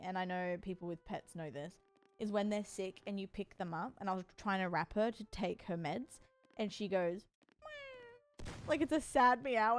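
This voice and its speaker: A tired woman streamer chatting casually with her live chat and cooing to her cat between remarks. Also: mid-range voice.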